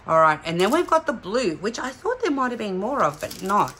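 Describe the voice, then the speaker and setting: A middle-aged woman from Australia chatting excitedly as she unboxes craft kits for her vlog. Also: mid-range voice, fairly quick, a little hiss or hum. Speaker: craft vlogger. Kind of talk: casual unboxing chat.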